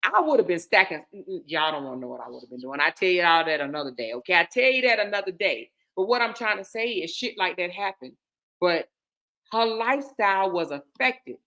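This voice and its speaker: A woman's voice: on the low side, sing-song, fairly quick. Candid, emphatic woman telling a story. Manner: candid, emphatic, swings between hushed and loud. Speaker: host. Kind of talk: casual storytelling chat.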